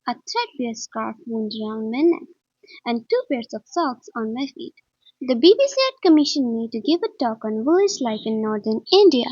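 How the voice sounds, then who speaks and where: A woman reading short stories aloud, lively and expressive in the dialogue. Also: high-pitched, husky, dry recording, dull audio. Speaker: reader.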